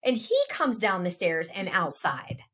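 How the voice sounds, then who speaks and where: A woman co-hosting a podcast, telling a family anecdote in a casual, animated way and laughing along the way. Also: on the low side, measured pace, slightly rough. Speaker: podcast co-host. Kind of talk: casual storytelling chat.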